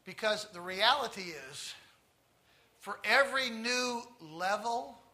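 A male preacher delivering a sermon full of stories, swinging from hushed tones to loud emphatic lines and drawing out key phrases. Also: sits high, animated, slow pace. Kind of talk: sermon with storytelling.

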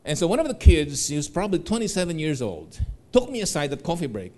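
Lively middle-aged man storyteller. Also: on the high side, fast talker. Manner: animated, laughs while telling stories, acts out voices in quotes. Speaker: seminar speaker. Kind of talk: motivational storytelling talk.

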